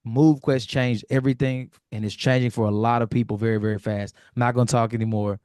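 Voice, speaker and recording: A man speaking earnestly on a video call, heartfelt and halting, restarting his sentences. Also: medium pitch, steady tone, a little mellow, smooth, dry recording, studio quality. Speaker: community member sharing a testimonial. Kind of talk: casual call testimony.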